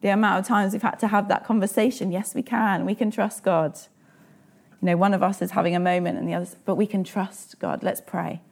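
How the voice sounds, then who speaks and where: A woman's voice: mid-range voice, fairly even intonation, a little fast, creaky, a little mellow. A woman in her thirties preaching a sermon in an earnest, personal way and asking the listeners direct questions.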